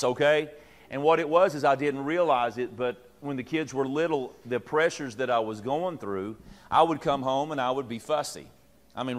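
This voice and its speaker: A middle-aged man, a pastor teaching leaders in a folksy, joking way with many fillers and restarts. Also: medium pitch. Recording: long reverb from a hall.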